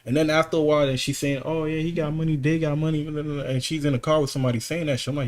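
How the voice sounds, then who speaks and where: A man's voice: fairly high pitch, steady tone, fast talker, hardly any pauses. A man co-hosting a podcast, telling a personal story in casual slang with lots of swearing, his voice rising sharply when he gets worked up. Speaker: podcast co-host.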